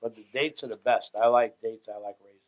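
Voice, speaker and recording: A man's voice: mid-range voice, steady tone, fairly quick. A man in casual chat, easygoing and jokey, talking as he eats with his mouth full. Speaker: guest tasting food.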